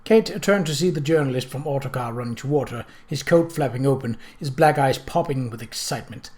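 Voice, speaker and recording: Steady male audiobook reader. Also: medium pitch, a little fast. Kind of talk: reading a novel aloud.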